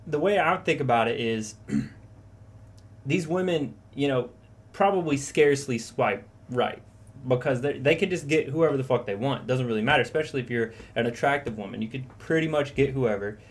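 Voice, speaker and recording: A man's voice: medium pitch, normal speed. A young man co-hosting a casual chat, rambling and profane, acting out quoted lines as he tells stories. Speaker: podcast co-host.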